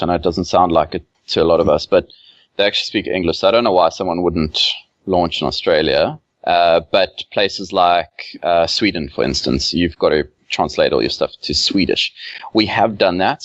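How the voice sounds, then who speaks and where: Man, very low voice, dull lo-fi remote audio, dry sound, rambling with lots of ums. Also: animated, normal speed, no room sound. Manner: rambling, many fillers. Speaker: game developer guest. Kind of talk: casual podcast interview.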